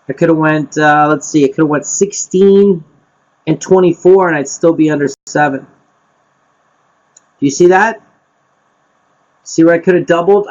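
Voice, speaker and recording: Male instructor, slightly high voice, quizzing a class, dull lo-fi recording. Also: a little mellow. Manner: quizzes the group, repeats himself, frequent "right?" and "okay?". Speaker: real estate investing instructor. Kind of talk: live teaching session. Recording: dull lo-fi sound.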